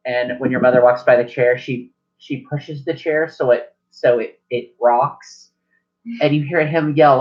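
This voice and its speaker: A man's voice: mid-range voice, steady tone, a little slow. A man narrating as game master at a tabletop game, rambling and correcting himself as he goes, in a lo-fi recording.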